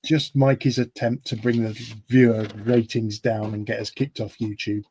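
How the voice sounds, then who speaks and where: A man's voice: medium pitch, fairly even intonation, normal speed, mellow, slight background noise. A man co-hosting a casual livestream, trading dry jokes and old film quotes. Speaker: co-host. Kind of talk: casual chat on a modelling livestream.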